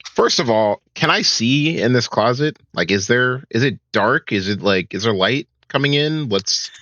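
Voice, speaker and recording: A man's voice: mid-range voice, animated, measured pace, a bit bright, dry recording, dull audio. A man playing a tabletop game, talking hesitantly and laughing often. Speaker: player. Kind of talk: casual tabletop play.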